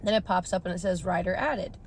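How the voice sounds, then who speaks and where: A woman's voice: lowish voice, a little fast, slight background noise. A woman in her thirties, a rideshare driver casually telling a story and acting out the people she quotes.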